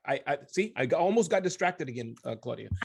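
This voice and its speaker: A man being interviewed as an entrepreneur, talking in an animated way, often addressing the host by name and acting out little scenes. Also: fairly high pitch, fast talker, creaky, slightly rough. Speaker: guest entrepreneur. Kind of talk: conversational summit interview.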